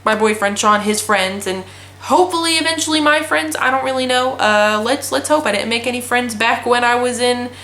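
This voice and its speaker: A young woman in her twenties talks in a slightly high voice, blunt and swearing freely as she rants. Her voice bounces around an echoey room. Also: moderate pace, bright, forceful tone. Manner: blunt, profane ranting storyteller. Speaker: vlogger. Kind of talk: casual chat.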